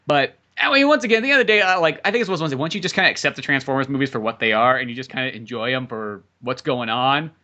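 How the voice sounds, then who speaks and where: A man's voice: medium pitch, animated, racing, few pauses, pushed and bright. A young man co-hosting a comedy podcast, rambling casually about movies and swearing freely. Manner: rambling, swears a lot, jokey impressions. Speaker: podcast co-host.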